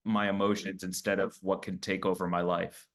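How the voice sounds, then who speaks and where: A man, a comedian, speaking candidly in an interview and telling animated stories, acting out his own lines as he goes. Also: low-pitched, moderate pace. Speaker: comedian guest.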